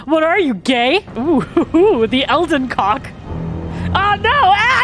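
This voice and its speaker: A young woman doing let's play commentary, excitable and swearing a lot, with frequent yelps and repeated cries. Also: sits high, normal speed. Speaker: gamer streamer. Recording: game music clearly behind.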